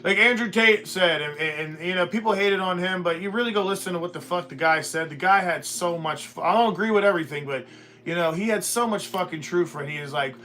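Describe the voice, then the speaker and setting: A man's voice: high-pitched, brisk, pushed and bright. A man hosting a live stream, ranting bluntly and profanely in a rambling, casual way.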